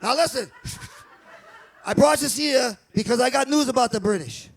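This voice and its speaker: Man putting on a loud Boston townie ringleader, Boston accent, gravelly, high-pitched, profane. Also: moderate pace, full character voice. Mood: blustering.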